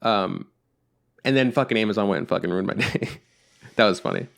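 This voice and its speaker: His voice is on the low side, gravelly and a bit bright, and he speaks a little fast. As a podcast co-host, he recounts a story in casual conversation, acting out both ends of a phone call with frequent, exasperated swearing.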